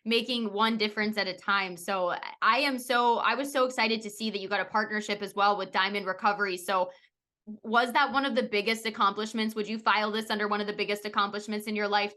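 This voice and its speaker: A woman's voice: mid-range voice, fairly even intonation, quick pace. A woman hosting a podcast in casual chat, effusive and encouraging toward her guest. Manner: warm, effusive. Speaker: podcast host.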